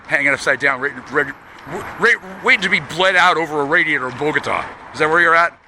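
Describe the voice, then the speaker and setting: A man's voice: fairly high pitch, fast talker. A man rambling and swearing constantly while walking along a town street, talking to an unseen listener he calls sweetie. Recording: loud street and traffic noise.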